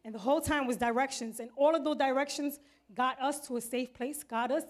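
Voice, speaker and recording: A woman's voice: sits high, steady tone, a little fast. A woman in her thirties telling a personal testimony to a congregation, earnest and vivid, acting out the voices in her story. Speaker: church member giving testimony.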